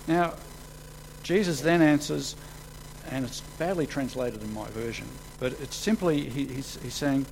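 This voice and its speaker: A man preaching a sermon, acting out the quotes he reads with sudden rises in pitch and volume. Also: unhurried, a little hiss or hum, low-quality recording. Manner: animated, acts out quotes with sudden jumps in pitch and loudness.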